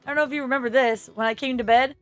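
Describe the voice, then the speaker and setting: Brief: woman on a stream, lively storytelling, soft music under her. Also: high voice, rapid-fire. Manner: animated storytelling, laughing. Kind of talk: casual chat.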